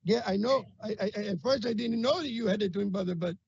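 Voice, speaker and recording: A performer playing a warm, jokey old grandfather who speaks stammering, broken English, over a video call. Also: medium pitch, fast, gravelly, husky, no room sound. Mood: chatty. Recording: dull lo-fi call audio.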